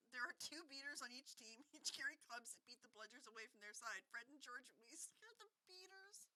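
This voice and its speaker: A woman's voice: high-pitched, animated, moderate pace, bright, forceful tone, low-quality recording. A woman reading a novel aloud for an adult book club, breaking into laughing banter. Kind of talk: casual read-aloud with commentary.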